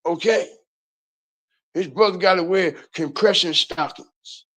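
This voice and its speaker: A man's voice: sits high, unhurried, fairly bright tone. A man hosting an online commentary video, ranting in a heated, profane way and repeating his points.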